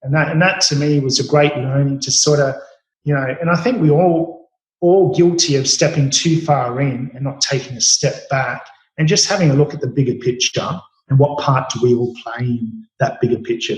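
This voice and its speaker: A man's voice: medium pitch, moderate pace, echoey room, rough recording. A middle-aged Australian man, a chef, telling stories casually in an interview, rambling with many fillers and restarts. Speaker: chef, podcast guest.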